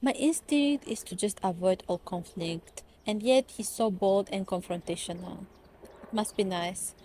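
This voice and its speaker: A woman voicing a timid young female student from a webtoon who avoids conflict, speaking softly and wistfully. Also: medium pitch, measured pace, slight background noise, close to an everyday voice.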